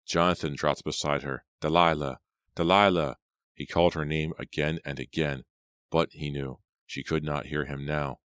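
A man with an extremely deep, smooth voice narrates an audiobook. He reads dramatically and slows down and gets louder for the characters' lines. The sound is dry and close. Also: little pitch movement, no room sound.

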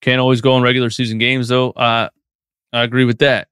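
A man's voice: mid-range voice, level tone, brisk, fairly bright tone, clean tone, no room sound, studio quality. A man hosting a live post-game sports stream, reading chat questions and ranting with feeling. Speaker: sports podcast host.

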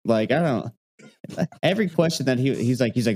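A man's voice: medium pitch, lively intonation, a little fast, long pauses, darkish tone. A man co-hosting a podcast in casual chat, ranting with lots of swearing. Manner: profane, ranting. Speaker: podcast co-host.

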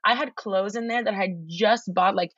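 A woman as a podcast guest, telling a long story in a rambling, excitable way with lots of swearing and restarts, over a remote call. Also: mid-range voice, moderate pace, husky, dry recording, highs cut off. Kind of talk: casual storytelling chat.

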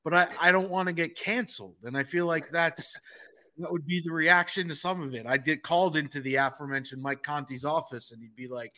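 A man's voice: fairly high pitch, fairly quick, sharp tone. A man hosting a podcast in casual chat, wry and chatty with hesitant asides. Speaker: podcast host.

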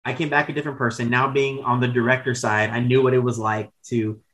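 A man's voice: medium pitch, flat delivery, fast talker, a bit bright, low-quality recording. Guy in his 30s rambling thru old work stories, candid, swears a bit. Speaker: podcast guest. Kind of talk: casual storytelling chat.

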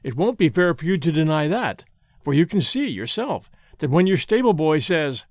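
A man narrating a classic essay in a measured, dry reading style, imitating pronunciations as he goes. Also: fairly high pitch, big pitch swings, a little mellow, dry recording. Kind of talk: scripted narration.

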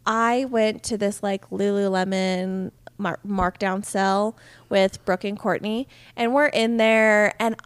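A young woman from Utah co-hosts a podcast, rambling through casual chat and leaning heavily on "like" as a filler. Her medium-pitched voice is smooth and steady, slow-paced, on a dry recording.

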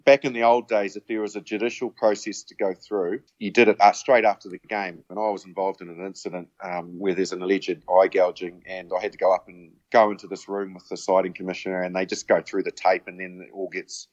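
A man, a former rugby player, telling an animated anecdote and acting out the dialogue. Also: deep voice, a little fast, few pauses, dry recording, muffled recording. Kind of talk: casual anecdote.

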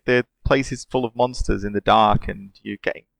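Male podcast co-host, low and gravelly, enthusiastic. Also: fairly even intonation, moderate pace, fairly bright tone, no room sound. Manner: enthusiastic, laughing often. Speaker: podcast co-host discussing games. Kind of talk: casual chat.

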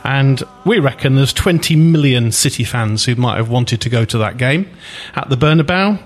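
A man hosting a casual football chat, asking lively rhetorical questions. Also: mid-range voice, moderate pace. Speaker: podcast host.

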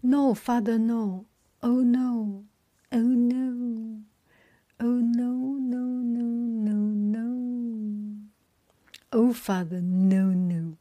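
A woman's voice: mid-range voice, steady tone, slow pace, dark tone, slightly rough. A woman voicing a frantic young nymph huntress who pleads and wails her refusals. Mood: pleading. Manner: pleading, wailing repeated refusals.

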